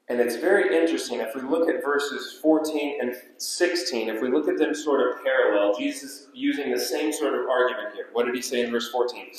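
A man preaching a sermon as pastor, with emphatic delivery that repeats key phrases and slows down for weight. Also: mid-range voice. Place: church sanctuary. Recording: echoey church hall.

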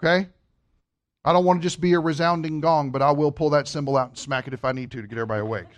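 A man with a high voice preaches to his congregation with animated energy. He fires off rhetorical questions and slips in joking asides as he works through the scripture. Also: rapid-fire. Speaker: pastor. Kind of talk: sermon.

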